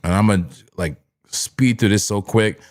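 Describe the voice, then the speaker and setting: A man hosting a live trading stream, calling out trades in a hyped, playful way with sudden high, excited bursts. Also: normal speed. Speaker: livestream trading host.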